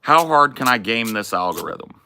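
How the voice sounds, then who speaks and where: A male streamer chats casually with his viewers in a crude, joking way and swears freely. His voice is bright and a bit sharp, and his pitch jumps around a lot as he talks. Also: big pitch swings, moderate pace, gravelly, slight background noise. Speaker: live streamer. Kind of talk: casual live-stream chatter.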